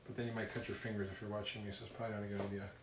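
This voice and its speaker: A chatty man talks his way through a recipe in his home kitchen, halting now and then with ums while he chops. He sits back from the mic, and the room rings around him. Loud clatter of knives, dishes and pans fills the background. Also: lowish voice, flat delivery, very noisy. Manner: chatty, self-deprecating, halting with fillers. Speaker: cooking show host. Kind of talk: casual live cooking demonstration. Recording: roomy, distant kitchen sound with loud clatter. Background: cutlery, dishes and chopping clatter.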